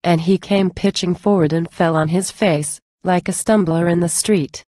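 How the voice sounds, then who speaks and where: A woman recites a long narrative poem at a measured, rhythmic pace. Her voice sits low and warm. The sound is dry and close. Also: fairly even intonation, no echo. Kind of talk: poetry recitation.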